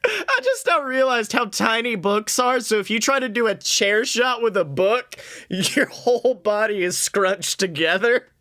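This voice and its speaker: A young man with a high, bright voice co-hosts a podcast in loose banter. He is excitable, swears freely and laughs often. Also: measured pace. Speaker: podcast co-host.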